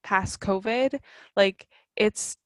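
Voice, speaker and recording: A woman's voice: medium pitch, drawn-out words, no room sound. A woman in her thirties in casual chat, a mother talking loosely with lots of "like" fillers. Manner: chatty, many fillers of "like".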